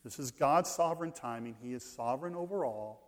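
A man preaching a sermon, reading scripture aloud and shifting between loud emphasis and quiet asides. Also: medium pitch, lively intonation. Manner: reads scripture slowly, swings from loud stress to quiet asides. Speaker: pastor.

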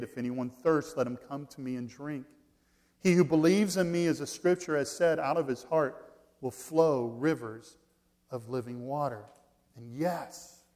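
A man preaching an expository sermon, reading scripture aloud. He stresses his points, repeats key phrases and swings between loud emphasis and quiet drops. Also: mid-range voice.

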